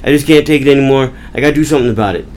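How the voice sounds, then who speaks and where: A man voicing a fed-up, lonely adult man who pours out a rushed, pleading outburst. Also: medium pitch, a little mellow, a little hiss or hum, close to an everyday voice. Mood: desperate.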